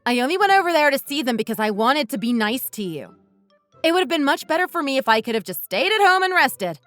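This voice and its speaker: A woman's voice: high-pitched, very animated, fast, fairly bright tone, no room sound, soft background music. A woman voicing a resentful wife fed up with her husband, speaking in a bitter, accusing way. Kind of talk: scripted dialogue drama.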